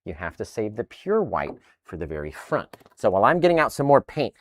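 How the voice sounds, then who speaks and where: A man teaching a live painting tutorial in an upbeat, animated way, often tagging his lines with "right?". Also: mid-range voice, brisk, hardly any pauses, no echo, clean studio sound. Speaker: painting instructor.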